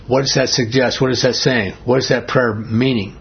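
A man teaching a Bible study, his voice husky and slightly breathy. He reads scripture passages aloud and keeps asking his listeners questions. The recording is dull and lo-fi. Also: medium pitch, fairly even intonation, moderate pace, few pauses.

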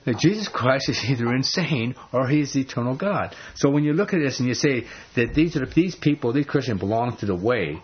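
A man's voice: medium pitch, lively intonation, a little fast, hardly any pauses, slightly rough, muffled recording. A man teaching from the Bible in a conversational sermon, emphatic and full of rhetorical questions. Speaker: preacher.

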